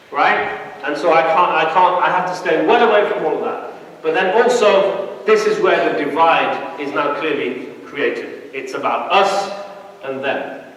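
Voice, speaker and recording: A man, an imam, giving a lively public talk and speaking straight to his live audience. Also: sits high, a little hiss or hum. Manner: animated, addresses the audience directly. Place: large hall. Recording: echoey hall, mic from far off.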